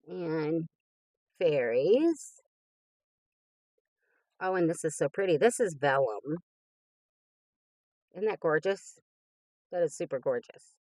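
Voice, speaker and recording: Slow-talking gushing woman in her fifties. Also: deep voice, darkish tone, no room sound. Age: 50s. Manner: gushing and enthusiastic, frequent laughs. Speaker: crafting channel host. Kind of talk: casual chat opening mail.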